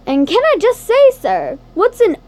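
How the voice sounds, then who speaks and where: A woman's voice: very high-pitched, very animated, normal speed, gravelly, a little mellow, a little hiss or hum, pitched above the performer's own voice, heavily acted. A woman voicing a perky teenage girl putting on a mock-formal ace reporter voice for an interview.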